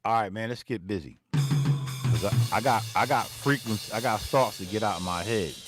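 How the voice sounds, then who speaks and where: At a normal speed and fairly low pitch, a man from Philadelphia spins a long, profane, rambling tale to camera. He's a beatmaker and vlogger recording in his home music studio, and he repeats himself as he goes.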